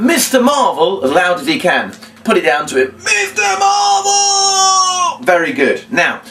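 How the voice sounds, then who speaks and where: A man explaining a children's party routine and acting out what he says to the kids, with big bursts of shouting. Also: a little high. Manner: animated, acts out lines to children with big shouts. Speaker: children's entertainer teaching a routine. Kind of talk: instructional talk with acted demonstrations. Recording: voice from a distance off the mic.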